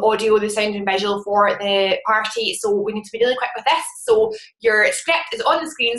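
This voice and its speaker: A woman giving a motivational training talk, telling a story with lively acted-out moments. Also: mid-range voice, normal speed, few pauses, reverberant, rough recording. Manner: animated storytelling, acts out her own panic. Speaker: network marketing trainer.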